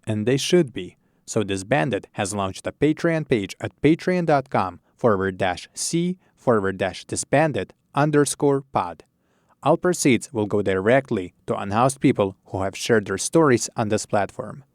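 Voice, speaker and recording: Measured man reading an announcement. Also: fairly low pitch, lively intonation, no echo, clean studio sound. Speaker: podcast narrator. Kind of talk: scripted narration.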